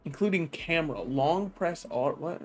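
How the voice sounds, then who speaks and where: Loud, joking male game streamer. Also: fairly high pitch, normal speed. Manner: projects his voice loudly, joking and self-mocking. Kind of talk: casual gameplay livestream commentary.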